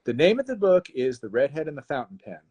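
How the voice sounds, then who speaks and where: Animated man retelling a story. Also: medium pitch, fast talker, breathy edge. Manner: animated storyteller, frequent restarts. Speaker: guest author. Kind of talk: casual interview, retelling a plot. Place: live stream.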